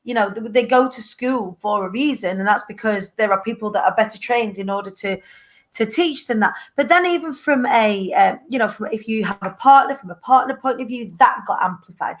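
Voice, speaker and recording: A woman's voice: a little high, a little fast. Rambling British woman host. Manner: rambling, searching for words. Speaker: show host. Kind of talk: casual podcast interview.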